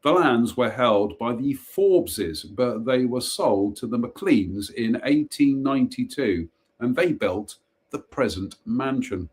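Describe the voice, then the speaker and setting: A man's voice: mid-range voice, animated, unhurried. A man reads short ghost stories aloud on a casual live stream. He breaks off now and then for dry, jokey asides. He trips over a word now and then and simply goes back to it. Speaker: host reading ghost stories.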